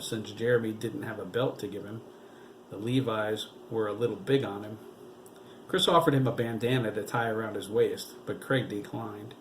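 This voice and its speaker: A man narrating a novel aloud in a steady storytelling voice. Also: lowish voice, slight background noise, low-quality recording. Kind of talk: audiobook reading.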